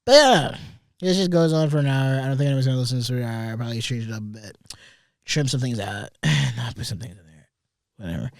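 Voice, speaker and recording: A man's voice: medium pitch, quick pace, a little mellow, no room sound. A young man hosting a solo podcast, rambling through casual commentary with lots of swearing and sarcastic asides, recorded in a studio. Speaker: podcast host.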